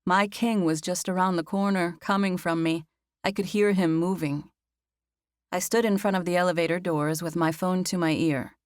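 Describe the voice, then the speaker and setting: A woman narrating a romance novel in the first person, in an even, intimate storytelling manner. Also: lowish voice, normal speed, no echo, studio quality. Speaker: audiobook narrator.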